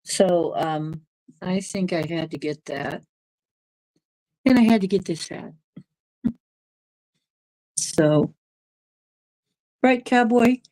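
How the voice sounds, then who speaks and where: A middle-aged woman with a low, warm voice hosts a casual livestream, speaking slowly with frequent pauses. She rambles from topic to topic and reacts to chat comments as they arrive; the recording is rough but has no echo.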